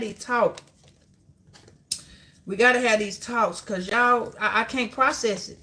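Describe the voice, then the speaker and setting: Woman, tarot reader, bright voice, cussing, rambling, preachy. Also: a little high, slow pace, pauses often. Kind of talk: live-stream tarot reading.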